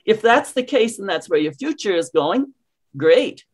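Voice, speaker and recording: A woman's voice: mid-range voice, sing-song, unhurried, husky. A middle-aged woman from Canada, an English coach answering interview questions in an emphatic, teaching manner with rhetorical questions, heard over a video call.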